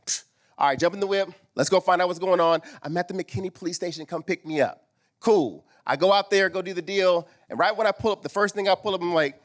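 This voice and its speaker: A fairly high-voiced man tells a personal story from a live event stage. He talks in a loose, conversational way and jumps into the voices of the people in his story. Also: fast talker. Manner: animated, acts out quoted dialogue. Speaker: speaker at a men's summit. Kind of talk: storytelling talk.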